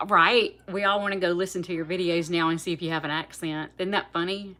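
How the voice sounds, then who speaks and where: A woman's voice: lowish voice, fairly even intonation, brisk, pushed and bright. A woman with a South Louisiana accent chatting casually on a livestream, laughing often and talking straight to her viewers. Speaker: livestream host.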